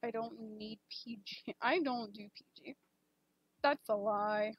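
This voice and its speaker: Young woman streamer, bubbly and gushing, high breathy voice, casual chat. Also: slow, no room sound, highs cut off. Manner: giggly, gushing, lots of "like" and "literally". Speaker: game streamer.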